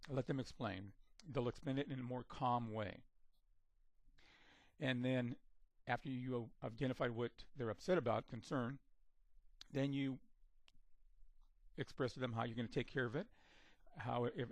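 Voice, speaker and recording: Measured man teaching in a dry room. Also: mid-range voice, dry recording. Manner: measured, repeats and restarts words while explaining. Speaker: communication trainer. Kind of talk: instructional talk to camera.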